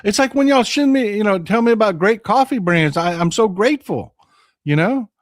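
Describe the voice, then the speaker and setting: A man hosting a livestream, telling stories in an excitable, animated way with loud exclamations. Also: high voice, moderate pace, no room sound, studio quality. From Texas. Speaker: livestream host. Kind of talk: casual chat.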